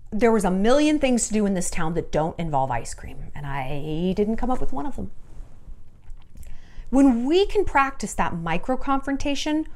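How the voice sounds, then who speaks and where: A woman in her thirties vlogging relationship advice straight to camera. Her voice sits high and swoops all over the place as she acts out her own quoted lines. She is frank and swears freely. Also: big pitch swings, normal speed, darkish tone. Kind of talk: candid talking-head vlog.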